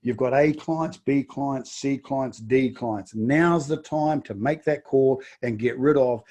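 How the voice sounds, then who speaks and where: A man's voice: mid-range voice, slow, a little mellow. A middle-aged man with a New Zealand accent, a business coach giving a webinar, emphatic and full of rhetorical questions. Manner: emphatic, repeats words and fires off rhetorical questions. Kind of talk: webinar presentation.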